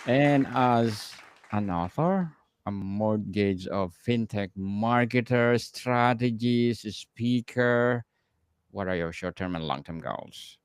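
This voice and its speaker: A man's voice: lowish voice, slow, clear, resonant tone, no room sound. A man hosting a podcast interview, mostly giving brief affirmations while he listens. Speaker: podcast host. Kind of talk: interview host.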